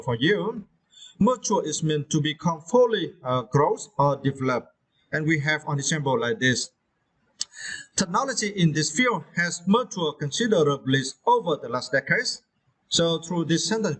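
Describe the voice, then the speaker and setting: A man teaching English vocabulary, pausing often with fillers and checking in with "right?". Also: fairly high pitch. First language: Vietnamese. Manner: hesitant, many fillers and tag questions. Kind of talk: vocabulary lesson.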